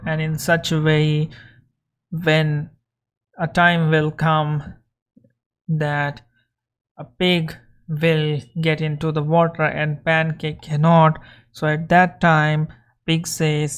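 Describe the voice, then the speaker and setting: A woman teacher explaining a lesson and reading a story aloud over slides, slowly and carefully. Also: sits low, level tone, clear, resonant tone. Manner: slow, explanatory, with restarts.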